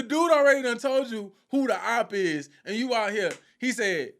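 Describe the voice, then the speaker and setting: Animated man retelling a show. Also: extremely high pitch, brisk, few pauses. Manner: lively storytelling with quoted voices. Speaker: faith teacher. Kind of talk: animated live teaching.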